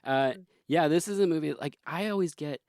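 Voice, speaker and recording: A man's voice: fairly high pitch, fairly quick, a little mellow, no room sound, clean studio sound. A man hosting a podcast movie draft in casual chat, wry and self-mocking. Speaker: podcast host.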